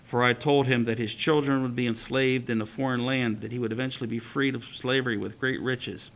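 A man reading aloud the words of a solemn divine voice declaring a plan, in his own gravelly tone. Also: medium pitch, steady tone, a little fast, a bit bright.

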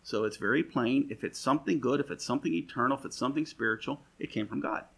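A man's voice: medium pitch, fast talker, gravelly, a bit bright, breathy edge. A man teaching through Bible verses in a rambling, conversational way, full of "you know" asides and dry wry humor.

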